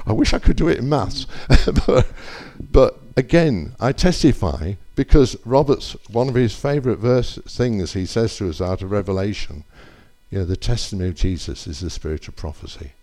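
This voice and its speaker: A man's voice: lowish voice, lively intonation, normal speed, mellow. An older man giving a rambling church testimony, full of anecdotes and self-corrections.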